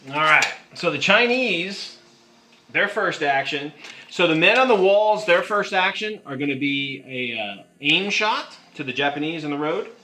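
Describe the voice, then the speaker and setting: A man running a tabletop wargame, casual and excitable, counting dice out loud. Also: fairly high pitch, unhurried. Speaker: game master. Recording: echoey room with music behind.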